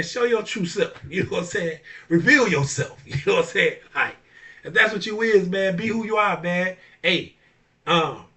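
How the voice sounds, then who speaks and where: A barber talks straight to camera in a loose, profane monologue, laughing often and leaning on stock phrases. His voice is bright and forceful, picked up from a little distance from the mic. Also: medium pitch. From Chicago area. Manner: blunt, profane, laughs often, repeats "you know what I'm saying". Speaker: barber and DJ hosting a talk video. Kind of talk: casual monologue.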